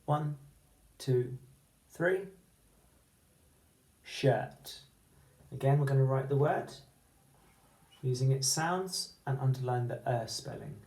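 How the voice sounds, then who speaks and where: A teacher giving a phonics lesson, slowly sounding out words syllable by syllable and letter by letter. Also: mid-range voice, warm tone. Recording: echoey room.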